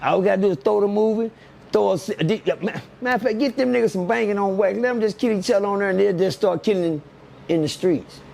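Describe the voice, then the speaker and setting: Gravelly, animated middle-aged man. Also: high voice, fast talker, a little hiss or hum. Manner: animated, laughing, repeats "you hear me". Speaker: interview guest. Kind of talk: animated storytelling interview.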